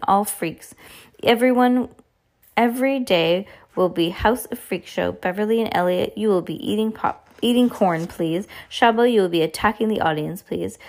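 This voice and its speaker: A woman's voice: mid-range voice, darkish tone, close to an everyday voice. A woman voicing a bossy foreign fortune-teller who speaks broken English and tacks "please" onto her orders.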